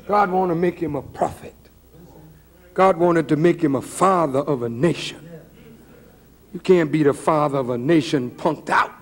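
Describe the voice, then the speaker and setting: A middle-aged man who is a minister preaches a sermon in a conversational, dramatic and emphatic way. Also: a little high. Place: lecture hall.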